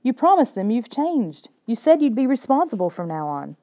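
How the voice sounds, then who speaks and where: Bossy scolding kid sister, as a lady reader puts her on, mellow tone, pitched up some. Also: very animated, moderate pace. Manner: bossy, lecturing. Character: scolding girl, the narrator's sister.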